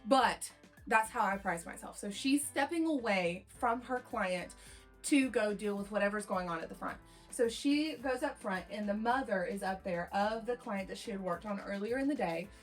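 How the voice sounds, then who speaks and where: Woman, young adult, chatty rambling storyteller, mid-pitch, soft music underneath. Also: normal speed. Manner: rambling, chatty, acts out quotes in lively voices. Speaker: hairstylist storyteller. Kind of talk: casual storytime vlog.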